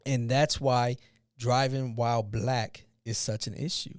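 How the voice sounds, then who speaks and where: A man's voice: mid-range voice, a little slow, smooth, dry recording. Guy in his 40s, podcast host, tells stories with lots of voices, dry close sound. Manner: animated retelling, acts out dialogue. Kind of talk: casual storytelling chat.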